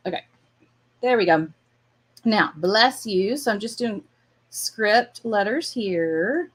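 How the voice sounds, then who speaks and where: Slow and animated, with a breathy edge to her mid-range voice, a woman leads a casual livestream drawing class. She's warm and talkative, laughing frequently and chatting to her dog while she works.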